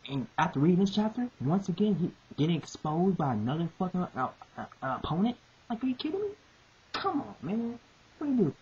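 A woman's voice: fairly low pitch, very animated, a little fast, darkish tone, husky. A woman giving profane, repetitive, exasperated ranting commentary on a comic chapter. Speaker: manga reviewer. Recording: muffled lo-fi recording with hiss.

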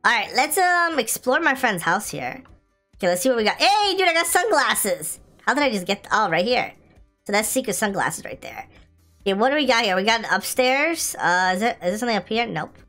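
A woman hosting a casual gameplay video, chatty, excitable and often giggling as she plays. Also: on the high side, brisk, soft background music. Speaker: gaming video host.

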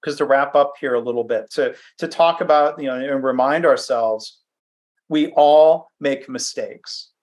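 A man's voice: mid-range voice, measured pace, darkish tone. Conversational man presenting a webinar. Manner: conversational, self-deprecating, with fillers and restarts. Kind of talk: presentation with anecdotes. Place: home office.

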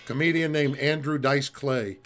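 A man's voice: medium pitch, moderate pace, a bit bright, faint music behind. A man hosting an online open mic comedy show, joking loosely and swearing. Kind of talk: casual hosting banter.

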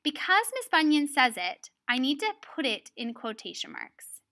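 A woman's voice: sits high, sing-song, normal speed, bright, forceful tone. A woman teaching a writing lesson on dialogue, explaining step by step and often checking in with "right?". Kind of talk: recorded lesson video.

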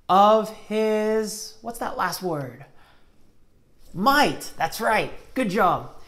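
A woman teaching children a Bible memory verse in an upbeat, encouraging way, acting playfully exasperated at a helper. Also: on the low side. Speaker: Sunday school teacher.

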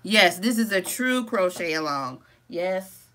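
Bright-voiced woman hosting a live crochet-along. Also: lowish voice, slow. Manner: chatty, greets viewers and reads out comments; casual and relaxed, calls viewers "y'all". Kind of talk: live-stream craft tutorial.

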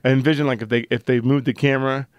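A man's voice: medium pitch, level tone, fast, clean tone, dry recording, lo-fi sound. A man co-hosting a podcast who jokes around and laughs often while chatting about a movie. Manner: jokey, slips into silly bits, laughs a lot. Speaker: podcast co-host. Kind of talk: casual movie chat.

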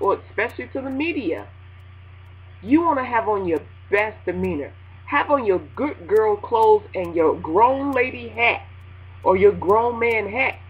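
A woman radio host ranting casually to her listeners, animated and laughing, acting out a phone call in a high voice. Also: breathy edge. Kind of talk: casual spoken rant.

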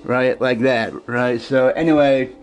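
A man vlogging casually, talking in a halting way, repeating words and filling gaps with "you know" and "like". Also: medium pitch, steady tone, soft background music. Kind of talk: casual talk to camera.

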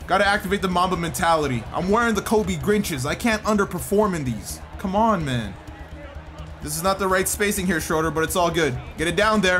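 A man with a high, bouncy voice calls out his basketball video game play, his pitch leaping around as he yells, groans and hypes himself up. Game music plays steadily underneath him. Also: normal speed. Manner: excitable, shouts and groans at the game. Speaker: gaming YouTuber. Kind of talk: excited gameplay commentary. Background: game music and sounds.

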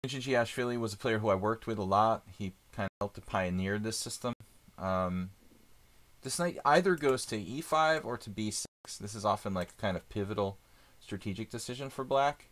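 A man streaming live chess, thinking aloud in casual commentary with many fillers and pauses. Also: lowish voice, a bit bright.

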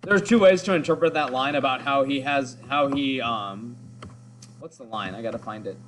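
A man's voice: medium pitch, moderate pace, fairly bright tone, poor audio. Male teacher, casual lesson, explains and thinks aloud, faint hum. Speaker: English teacher. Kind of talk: recorded class lesson.

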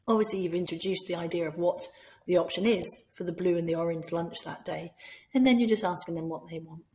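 Scottish lady walking nursery staff thru french routines, lowish voice, goes all sing-song on the questions. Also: darkish tone. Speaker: language teacher for nursery staff. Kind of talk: instructional talk for teachers.

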